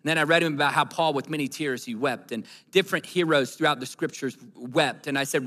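A man preaching in a large church hall, his bright, forceful voice ringing with long reverb. He tells a story and builds to emphatic, repeated declarations, pitched a little high for a man. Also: fast talker, hardly any pauses. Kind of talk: sermon storytelling.

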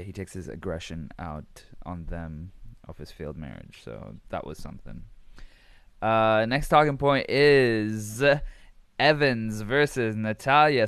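A man's voice: on the low side, clear, resonant tone, no echo. A man hosting a casual podcast, rambling and swearing freely while recapping wrestling, laughing often. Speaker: podcast host.

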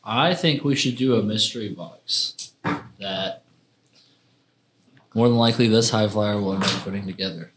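A man's voice: fairly low pitch, normal speed, pauses often, background noise. A man co-hosting a casual podcast, rambling loosely and swearing. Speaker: podcast co-host. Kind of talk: casual chat.

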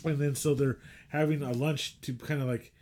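A man's voice: medium pitch, fairly even intonation, normal speed, darkish tone. A man co-hosting a movie podcast, retelling scenes in a rambling, filler-heavy casual chat. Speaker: podcast co-host.

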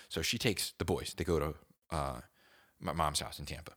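A man in his thirties telling a comic story in a casual, animated way, acting out groans and quoted lines and saying "dude" a lot. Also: extremely low pitch, normal speed, slight background noise.

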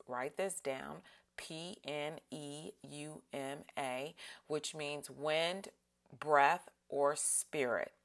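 Woman Bible teacher, low pitch, unhurried, calm guided pacing. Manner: slow, calm guided reading with breathing cues. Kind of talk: guided Bible study and devotional reading.

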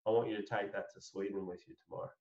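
An insistent, smooth-talking businessman, quoted by a man telling a story. His voice drops lower and quieter than the storyteller's own. The audio is slightly muffled. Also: steady tone, very fast, distant mic. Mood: smooth, persuasive.

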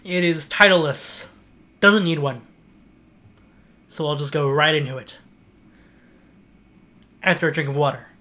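Bright-voiced man reading a story aloud. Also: on the high side, measured pace, pauses often. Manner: rambling, self-mocking. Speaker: podcast co-host and reader. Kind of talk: casual chat and amateur story reading.

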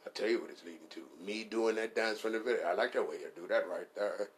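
A man with a fairly low voice riffs through a loose, profane comic rant. He rambles from one bit to the next, laughs at his own jokes and keeps the talk casual and unpolished. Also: fast talker, slight background noise.

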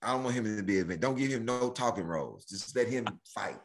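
A man from Houston, a comedian guest telling stories in lively chat and slipping into mock voices. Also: fast. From Houston, Texas. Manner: lively, mimics other voices, big pitch swings. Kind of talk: animated storytelling chat.

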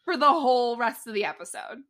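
A woman with a high, bright voice chats casually as a podcast co-host. She retells a show with exasperated energy, quoting characters and laughing at them. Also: very animated, fairly quick. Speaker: podcast co-host recapping a TV episode. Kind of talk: casual chat.

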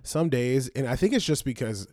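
A young man co-hosts a casual podcast, his voice at an ordinary middle pitch. He speaks in a laid-back, joking way and laughs often. The mic is close and the sound is dry. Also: expressive, moderate pace, darkish tone, dry recording. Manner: laid-back, laughing, says dude a lot. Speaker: podcast co-host. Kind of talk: casual chat.

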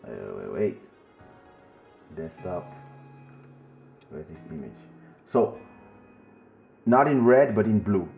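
A low-voiced male podcast host telling a story in an unhurried, drawn-out way, his pitch swinging all over the place. He laughs often, swears freely and keeps turning to a friend to ask whether he remembers. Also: huge pitch swings, vocal fry, darkish tone, reverberant, soft background music. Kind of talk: casual storytelling. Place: home studio during a live stream.

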